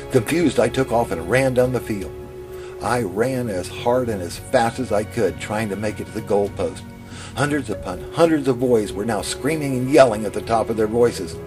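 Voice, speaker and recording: A man telling his own memoir in the first person, in a plain, steady way. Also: on the low side. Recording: music playing under the narration.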